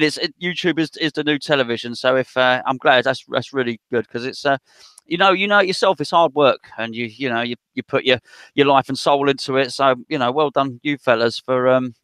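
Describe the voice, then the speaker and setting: Bright-voiced London man, jokey guest. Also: medium pitch, clean tone, no room sound. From East London, England. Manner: stumbling, jokey, repeats words. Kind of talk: casual podcast chat.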